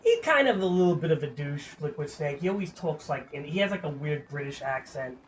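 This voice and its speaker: A man's voice: a little high, lively intonation, fairly quick, a little hiss or hum. A man streaming a game, chatting in a casual, rambling way, swearing freely and filling with "like". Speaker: gaming streamer.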